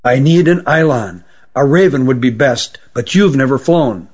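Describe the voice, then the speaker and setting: A man voicing a sturdy young man on the run, who speaks in an urgent, secretive hush, on a dull lo-fi recording. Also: mid-range voice, expressive, normal speed, breathy edge.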